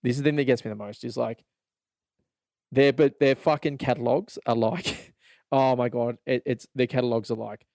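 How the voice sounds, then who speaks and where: A man's voice: medium pitch, moderate pace, creaky, no room sound. Rambling, profane Australian man. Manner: profane, rambling, animated, laughs often. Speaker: podcast host. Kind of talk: casual solo podcast rant.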